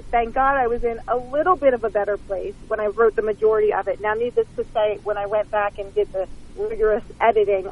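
A woman's voice: mid-range voice, husky, phone-quality sound. A woman author calling in as a guest, telling stories candidly with self-mocking humor and frequent laughter. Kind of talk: phone-in interview, casual storytelling. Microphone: phone line.

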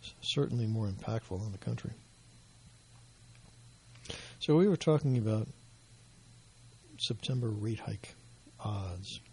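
Hoarse, husky male market commentator, measured and explanatory, low gravelly tone. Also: dark tone. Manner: measured, explanatory, with dry asides. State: losing his voice.

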